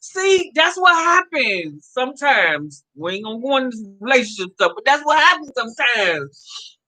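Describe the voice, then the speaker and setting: Lively, bright-voiced woman in her fifties. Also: high voice, measured pace, poor audio. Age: 50s. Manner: animated, laughs often, addresses viewers as y'all. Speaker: vlogger. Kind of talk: casual storytelling to viewers.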